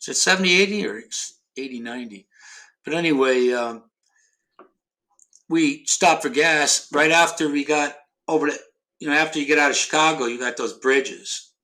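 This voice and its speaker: A man's voice: fairly high pitch, normal speed, bright, forceful tone. A middle-aged man from Ohio in casual chat, rambling with many restarts and fillers and casual swearing. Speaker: podcast host.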